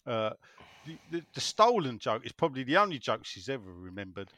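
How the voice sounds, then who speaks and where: A man's voice: medium pitch, very animated, brisk, bright, forceful tone, no echo, studio quality. A man co-hosting a casual podcast, joking and reading out listener messages. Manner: jokey, puts on mock regional voices in jokes. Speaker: podcast co-host.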